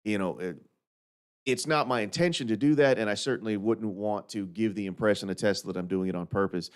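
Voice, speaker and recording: A man's voice: lowish voice, fairly quick, clean tone. A man hosting a casual live stream, rambling and laughing often, repeating words as he goes. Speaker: livestream host.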